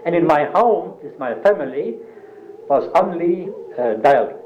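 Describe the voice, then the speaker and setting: Older German-Russian-accented man, interviewee, halts and searches for words; slightly high voice on a dull lo-fi recording. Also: expressive. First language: Black Sea German dialect. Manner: halting, searching for words, many pauses. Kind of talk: hesitant oral-history interview. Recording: dull lo-fi recording, faint hiss.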